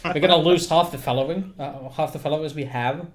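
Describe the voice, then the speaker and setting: A man from Finland with a Finnish accent, the game master, chatting playfully and halting with fillers. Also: on the high side, a crowd in the background. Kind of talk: casual chat between game sessions.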